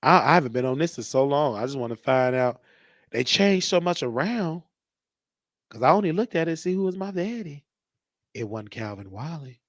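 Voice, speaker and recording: A man's voice: a little high, lively intonation, normal speed, dry recording, clean studio sound. Rambling, joking man hosting a live stream. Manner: rambling, joking, thinking aloud. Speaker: show host. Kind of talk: casual live-stream monologue.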